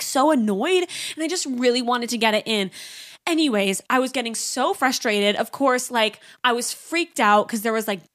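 A woman's voice: fairly high pitch, fairly bright tone. Chatty young woman telling a frank story. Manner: candid and chatty, heavy use of "like"; blunt, frank about awkward topics. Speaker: podcast host. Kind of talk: casual storytelling monologue.

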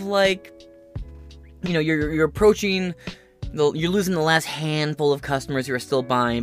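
Male podcast host with a somewhat high voice; sarcastic, swearing, rambling commentary on the news. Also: a bit bright. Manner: profane, sarcastic, rambling storyteller. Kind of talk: casual commentary on a news article.

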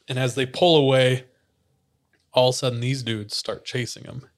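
A young man chatting casually on a podcast, telling an animated story, acting out quotes and laughing often. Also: medium pitch, a little slow.

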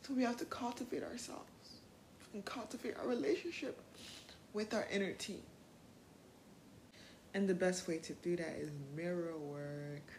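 A young woman hosting a self-help podcast, talking in an earnest, animated way, laughing often and swearing casually. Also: lowish voice, moderate pace, long pauses, roomy sound, a little hiss or hum, poor audio. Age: young adult. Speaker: podcast host.

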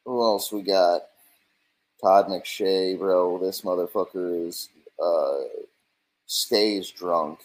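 Man in casual stream rant, slightly low pitch, rambling and foul-mouthed, mocking tone. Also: fairly even intonation, slow, long pauses, poor audio.

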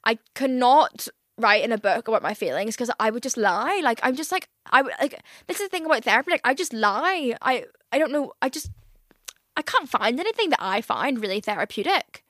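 Fast-talking Northern Irish woman. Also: fairly high pitch, expressive, a bit bright, no echo, studio quality. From Northern Ireland. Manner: chatty, swears a lot, heavy filler "like". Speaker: podcast host. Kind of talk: casual solo podcast confessional.

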